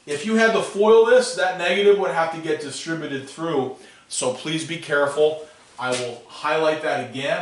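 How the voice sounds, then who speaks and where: Guy teaching math class, playful and animated, standing back from the mic, big echo. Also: on the high side, a little hiss or hum. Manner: animated, talks to students with playful asides. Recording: echoey classroom, voice from far off.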